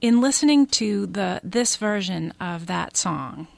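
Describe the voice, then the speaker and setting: Husky-voiced woman chatting as a guest. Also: mid-range voice, a little slow, no room sound. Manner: rambling, animated, laughs while talking. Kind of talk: casual interview.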